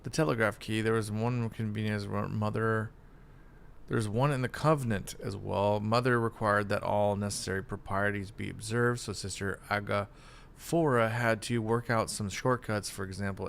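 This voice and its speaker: A man's voice: lowish voice, fairly even intonation, moderate pace, vocal fry. A male streamer rambling and joking over gameplay, reading game text aloud. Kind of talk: casual live gameplay commentary. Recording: loud game noise behind.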